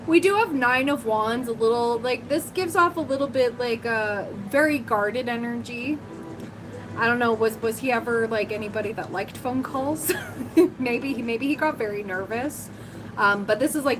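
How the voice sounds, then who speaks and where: A woman's voice: fairly high pitch, background noise. A woman giving a livestream tarot reading, talking casually and thinking aloud with lots of fillers. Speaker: tarot reader. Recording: music playing under the voice.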